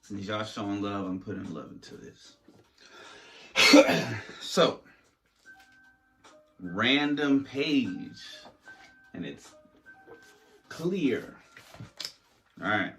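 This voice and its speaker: A man's voice: fairly low pitch, very animated, very slow, pauses often, a bit bright, soft background music. A man hosting his own podcast in loose, rambling casual chat, jittery from coffee, with lots of fillers and restarts. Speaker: podcast host.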